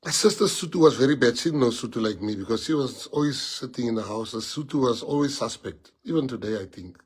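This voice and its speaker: A middle-aged man with a South African accent and a husky, slightly rough voice at a middle pitch. He talks to followers on a livestream, telling personal stories in short bursts that move between lively and low. The sound comes through a phone or computer mic. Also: fast. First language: Afrikaans. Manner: anecdotal, speaks in short bursts with loudness swinging from lively to low. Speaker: party leader. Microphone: phone or computer mic on a social media livestream.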